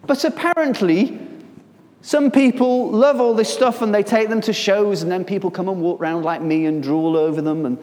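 A man preaching a sermon, moving between quiet, hushed phrases and sudden loud emphasis. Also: fairly high pitch, steady tone, moderate pace. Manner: dramatic shifts between soft and loud delivery. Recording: long reverb of a hall.

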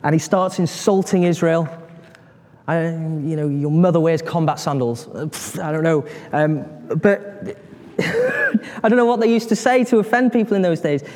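A man preaching a sermon, telling a Bible story in a lively way, acting out voices and putting questions to his listeners. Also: a little high, moderate pace, long reverb tail. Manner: animated storytelling, acts out voices, asks the congregation questions.

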